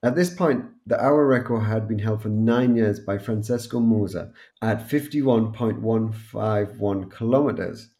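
A man from North East England with a Newcastle accent, co-hosting a casual podcast and talking in a blunt, relaxed way. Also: lowish voice, measured pace. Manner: relaxed, blunt, swears and laughs easily. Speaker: podcast co-host.

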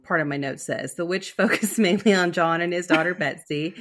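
A woman co-hosting a podcast casually tells a spooky story, rambling with fillers and restarts. Her voice is on the low side and brisk.

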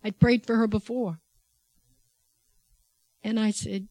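A woman tells a personal faith story with animated expression. She breaks into laughter often and acts out the voices of the people in her story. Her voice is recorded close and dry, with no room echo. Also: mid-range voice, slow pace. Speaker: healthcare worker.

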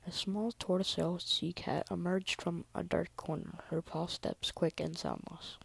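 A woman reading a story aloud in a soft whisper, with small slips and restarts. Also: on the low side, steady tone, unhurried, vocal fry, slightly rough, dry recording, poor audio.

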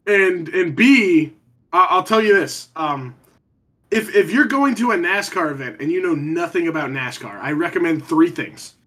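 A man's voice: on the high side, expressive, moderate pace, fairly bright tone. A man telling a long rambling story in a casual podcast chat, swearing freely and trailing off with ums.

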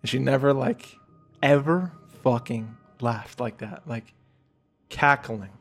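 A man co-hosting a casual podcast chat, telling a childhood story and getting loud and high-pitched as he relives the fright. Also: slow, soft background music. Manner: animated, rises high and loud when retelling fright. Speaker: podcast host.

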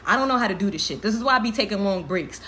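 A woman's voice: mid-range voice, animated, racing, pushed and bright, slight background noise. A young woman in her twenties hosting a livestream, talking candidly and emotionally, laughing often and swearing freely in heavy slang. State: tearful. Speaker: livestream host. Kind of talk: casual livestream talk.

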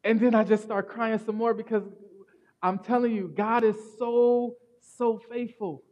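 A man preaching a sermon as pastor, telling stories in an animated way that swings from loud to hushed. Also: high voice, unhurried, lo-fi sound.

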